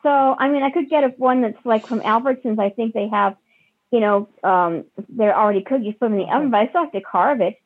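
A woman's voice: on the high side, fairly quick, breathy edge, narrow, tinny audio. A woman chatting in a casual group call, rambling and self-deprecating.

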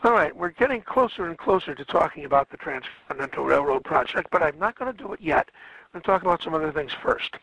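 A man's voice: a little high, lively intonation, fast, vocal fry, fairly bright tone, slightly rough, low-quality recording. A man lecturing a class on history, rambling along and correcting himself with frequent fillers.

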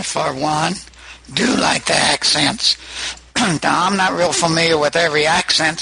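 A man in a book club chat with a gravelly, husky voice, talking in an easygoing, wry way. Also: fairly high pitch, bright, forceful tone, a little hiss or hum, poor audio. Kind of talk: casual group chat.

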